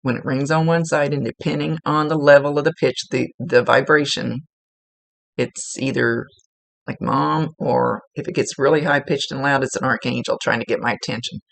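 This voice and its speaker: Psychic lady doing a reading, kinda gravelly, chatty and gently coaching. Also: very deep voice, fairly even intonation, moderate pace. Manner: gently instructive, relaying messages, with asides. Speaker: psychic medium. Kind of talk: casual spoken reading to a client.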